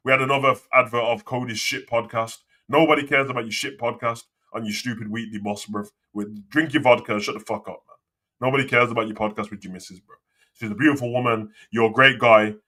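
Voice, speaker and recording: A man's voice: mid-range voice, sharp tone. A young man hosting a live wrestling talk show, ranting and swearing in casual slang. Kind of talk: casual live commentary and rant.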